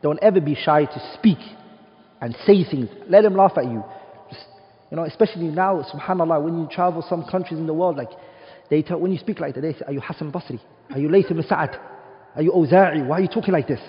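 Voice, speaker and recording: Emphatic male lecturer, slightly high voice, from the UK, in a dull reverberant classroom recording. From United Kingdom. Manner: emphatic, asks the class rhetorical questions; mixes Arabic terms into English speech. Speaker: teacher of an Arabic studies class.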